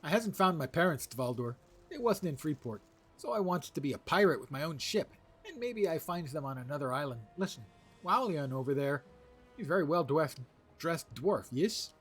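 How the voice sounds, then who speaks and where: Man doing a squeaky eager young rat pirate. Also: moderate pace, slightly rough. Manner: broken grammar, high excited voice. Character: young male ratonga would-be pirate, eager.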